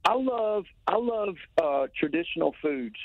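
A man's voice: high-pitched, lively intonation, unhurried, no room sound. Southern man on a tinny phone line. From Tennessee. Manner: rambling, enthusiastic, many restarts and fillers. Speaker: touring musician guest calling in. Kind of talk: casual phone interview. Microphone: telephone.

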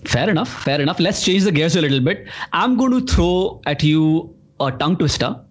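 Animated podcast host, husky voice. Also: male voice, fairly high pitch, moderate pace. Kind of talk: podcast interview hosting.

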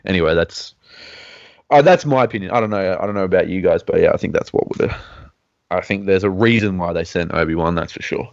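A man's voice: low-pitched, quick pace, vocal fry, no room sound. A man hosting a casual podcast chat, hesitant and full of restarts as he hedges his opinions. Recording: dull, lo-fi, dry sound.

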